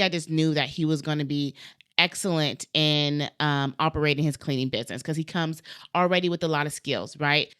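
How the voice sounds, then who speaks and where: A woman with a slightly low voice shares a story from her coaching work in a relaxed, chatty way. She keeps tossing in "like" and "right?" and jumps into the voices of the people she quotes. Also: clean tone. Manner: animated, acts out quoted dialogue, frequent "like" and "right?". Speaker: cleaning business coach. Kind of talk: casual storytelling to camera.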